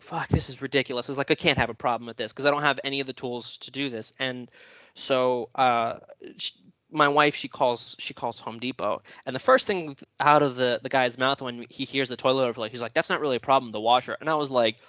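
Casual male co-host with an average-pitched voice, cursing storyteller, dry mic. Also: steady tone, a little fast, sharp tone, no room sound. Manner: rambling, profane, lots of fillers.

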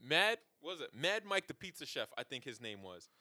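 Animated, high-voiced man telling stories. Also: fairly quick, no echo, clean studio sound. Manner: animated, laughing, profane storytelling. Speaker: podcast co-host. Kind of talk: casual comedic chat.

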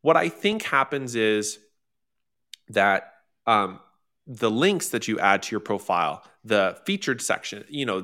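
A man hosting a casual online workshop, talking in a chatty, animated way with fillers, restarts and sudden high exclamations. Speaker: workshop host.

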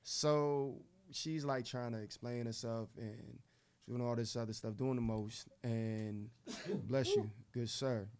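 Male radio co-host, casual storyteller, lively delivery, mid-range voice. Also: mid-range voice, slow, smooth. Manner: animated, laughing storyteller, acts out voices. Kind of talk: casual storytelling on a morning show.

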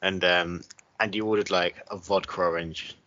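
A man's voice: deep voice, steady tone, moderate pace, pushed and bright, muffled recording. A man co-hosting a podcast in casual chat, rambling through far-fetched hypotheticals. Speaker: podcast co-host.

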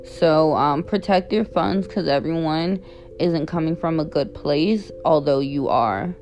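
A young woman speaks in a low, unhurried voice, offering candid and blunt advice in a casual chat. She leans on fillers like "um" and "you know". Faint music plays in the background. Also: a little mellow. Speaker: vlogger giving advice.

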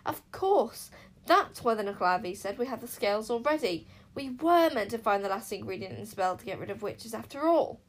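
Eager young heroine, high and excited, voiced by a woman reader. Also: fairly quick, hardly any pauses. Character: eager brave young girl.

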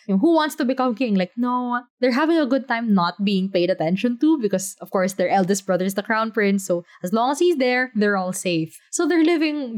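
Gushing woman reviewing a drama. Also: mid-range voice. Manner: gushing and emphatic, with filler "like" and "you know". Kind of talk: casual video review. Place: her room.

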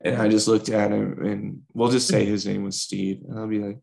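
A man's voice: lowish voice, little pitch movement, moderate pace, creaky, few pauses, mellow. A young man co-hosting a podcast, casually telling a rambling workplace story with lots of fillers. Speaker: podcast co-host.

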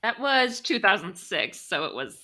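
Brief: upbeat female co-host, bright tone, animated delivery. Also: medium pitch, moderate pace. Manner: enthusiastic, laughs often. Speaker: podcast co-host. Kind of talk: casual chat about a TV show.

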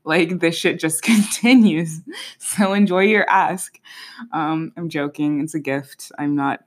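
A woman's voice: low-pitched, slow pace. A woman in her twenties hosting a podcast on her own, chatting casually in a playful, slangy way with plenty of fillers and laughs. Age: 20s. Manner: chatty and expressive, laughs often. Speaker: podcast host. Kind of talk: casual solo chat.

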